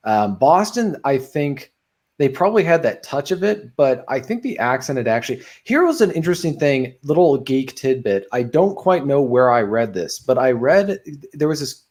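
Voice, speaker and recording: A man's voice: medium pitch, very animated, normal speed, darkish tone. A man, a podcast guest, talking casually over a video call, rambling with frequent ums and uhs.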